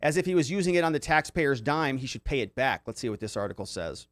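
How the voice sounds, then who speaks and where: A man's voice: mid-range voice, expressive, fast, a bit bright, no echo. A man hosting a casual commentary livestream, reading viewer comments aloud and reacting in a loose, conversational way with many fillers. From Arizona. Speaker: livestream host reading chat.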